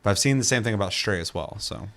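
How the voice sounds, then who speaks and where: Rambling young man with a low voice. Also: fast talker, fairly bright tone. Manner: loose, rambling, swears casually. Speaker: co-host. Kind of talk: casual podcast chat.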